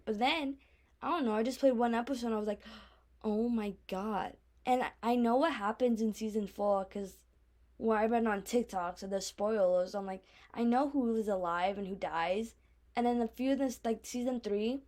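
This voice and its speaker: A woman's voice: a little high, a little mellow. A woman in her twenties hosting a casual solo podcast, rambling along with plenty of fillers. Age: 20s. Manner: rambling, filler-heavy, chatty. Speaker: podcast host.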